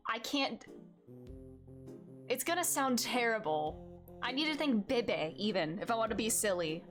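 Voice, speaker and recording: Woman streamer, self-mocking and animated, with game music behind her. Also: a little high, a little slow, long pauses. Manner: self-mocking, laughs at her own accents. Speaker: streamer reading a game aloud. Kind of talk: casual game playthrough with voiced lines.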